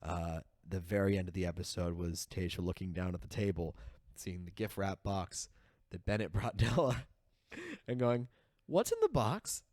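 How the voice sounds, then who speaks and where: A man co-hosting a reality TV podcast, talking in an animated, rambling way with many restarts. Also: low-pitched, normal speed, dry recording, clean studio sound. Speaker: podcast co-host. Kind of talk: casual chat.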